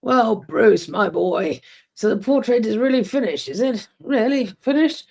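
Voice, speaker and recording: A woman voicing a hearty older man, booming and jovial, in a comic novel read aloud. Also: expressive, a little slow, vocal fry, a little mellow, husky, full character voice.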